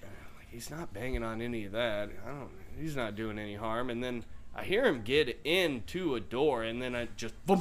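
A man's voice: medium pitch, normal speed, a little hiss or hum. A man co-hosting a podcast, telling a story among friends with lots of laughter. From Iowa. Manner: laughing, animated storyteller acting out voices. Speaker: podcast co-host. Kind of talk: casual storytelling chat. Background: crowd of friends in a house.

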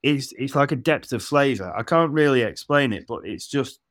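A man's voice: medium pitch, animated, normal speed, fairly bright tone, no room sound. An English man in his forties tells travel stories on a podcast, laughing as he acts out what people said to him. His voice sits in a middle register and is recorded dry and close. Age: 40s. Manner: chatty storyteller, laughs and acts out dialogue. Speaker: podcast co-host. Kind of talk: casual podcast chat.

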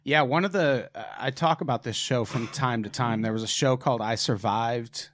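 A man in casual podcast chat, retelling stories in a relaxed, conversational way with many fillers. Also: medium pitch, moderate pace, slight background noise.

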